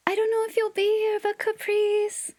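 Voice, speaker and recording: A woman streamer with a high voice chats casually with her viewers in a playful, teasing way. She often drops into quick whispered asides. The close, dry recording has no trace of room echo. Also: monotone, darkish tone. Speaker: livestreamer.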